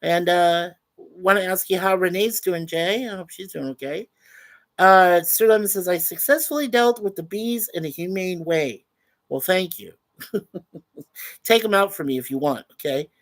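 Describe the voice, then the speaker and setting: A man's voice: high voice, measured pace. Chatty older man hosting a livestream. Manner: chatty, reads viewer messages aloud, chuckles often. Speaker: host. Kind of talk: casual livestream chat. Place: at home.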